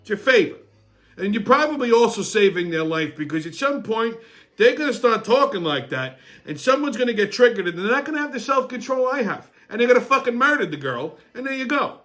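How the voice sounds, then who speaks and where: Brash, animated man ranting crudely. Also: very high-pitched, brisk. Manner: crude, brash, swearing, mock-outraged. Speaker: show host. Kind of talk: comedic rant monologue.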